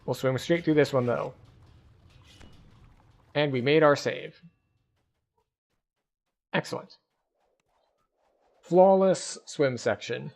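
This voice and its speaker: A man streaming a video game, giving relaxed, casual commentary and thinking aloud as he plays. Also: medium pitch, slow pace, creaky, pauses often.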